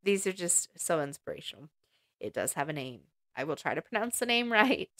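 A woman's voice: lowish voice, sing-song, brisk, a bit bright, no echo, clean studio sound. A woman hosting a home cooking podcast, reading recipe ingredients item by item with chatty asides. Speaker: podcast host.

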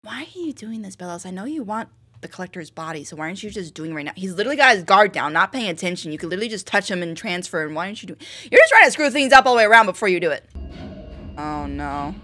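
A woman's voice: mid-range voice, animated, racing, pushed and bright, soft background music. A young woman hosting a reaction video, chatting casually and breaking into shrieks and laughs.

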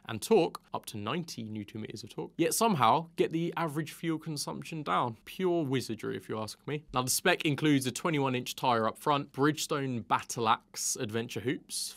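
Man, motorcycle reviewer, upbeat, scripted video review, mid-range voice. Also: medium pitch. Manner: upbeat, reels off specs briskly.

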